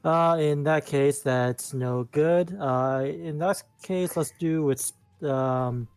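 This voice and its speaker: A man's voice: fairly high pitch, slow pace, darkish tone, smooth, dry recording, faint music behind. A man playing a tabletop game, with a dry, close sound and no room at all. He is wry and self-deprecating, working through his turn with hesitations. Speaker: player. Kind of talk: casual tabletop play.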